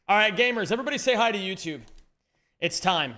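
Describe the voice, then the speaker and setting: A man streaming a speedrun live, chatting with viewers in an animated, joking way and swearing casually. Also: sits high, fast. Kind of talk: live-stream chat while gaming.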